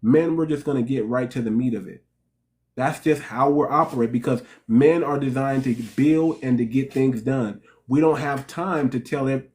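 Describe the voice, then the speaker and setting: A man's voice: medium pitch, dark tone. A man in the middle of the usual range for a man's voice hosts a casual livestream as a relationship coach. He speaks bluntly and to the point, stumbling and restarting his sentences and repeating words as he goes. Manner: direct, repetitive, restarts sentences.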